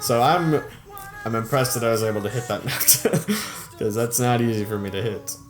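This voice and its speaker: Speaking over music at a moderate pace, a young man with a mid-range voice reviews videos he made earlier for YouTube. He's easygoing and upbeat, laughing frequently and tailing off as he goes.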